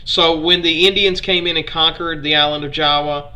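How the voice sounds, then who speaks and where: A man's voice: on the high side, steady tone, normal speed, bright, forceful tone. A man from Alabama with a Southern accent, hosting a casual live history stream, chatting with viewers, putting questions to them and stumbling over foreign names.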